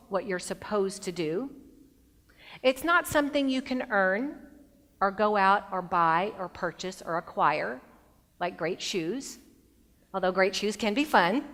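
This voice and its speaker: A middle-aged woman delivers a motivational keynote in a large conference hall, her medium-pitched voice trailing a long reverb. She tells stories expressively, leaning into bright emphasis and then dropping to hushed moments. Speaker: keynote speaker. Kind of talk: motivational speech with storytelling.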